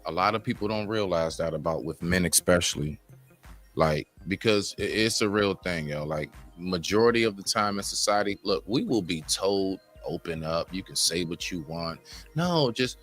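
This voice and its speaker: A man's voice: sits low, moderate pace, fairly bright tone, faint music behind. A man hosting a live stream, talking emphatically and candidly about men opening up. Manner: emphatic, preachy, conversational.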